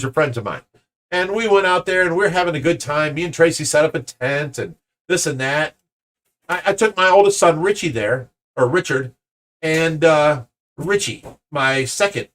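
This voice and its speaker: Telling a casual story to his fish rescue channel's viewers, a middle-aged man from Ohio rambles and plays both sides of an argument. His voice is a little high with a fairly bright tone.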